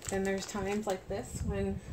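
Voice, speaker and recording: A woman chatting casually as she unboxes a package, gushing and soft-spoken, at home. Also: mid-range voice, a little slow. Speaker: doll collector vlogger. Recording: steady background hiss.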